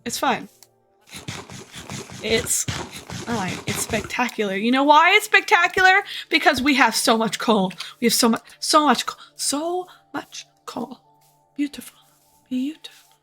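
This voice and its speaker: A bright-toned woman with a fairly high voice chats her way through a game stream, rambling and talking to herself, tired from little sleep. Faint music plays under her voice. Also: big pitch swings, measured pace, long pauses. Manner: chatty, rambling, self-talking. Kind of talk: casual gameplay commentary.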